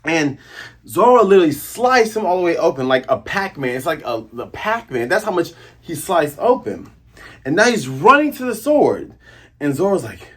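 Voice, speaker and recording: A man hosting a casual manga chapter review, excitable and acting out scenes as he goes. His voice is husky and a little breathy. His pitch swings widely and lively. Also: normal speed. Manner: animated, excitable, acts out scenes.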